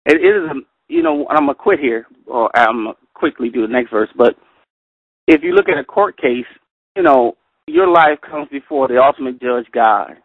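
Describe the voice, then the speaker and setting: Middle-aged man, Bible study teacher, lively up-and-down pitch, careful slow scripture reading, tinny phone sound. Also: vocal fry, slightly rough, no room sound. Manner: animated storyteller, reads scripture slowly and carefully. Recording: tinny phone line, dry.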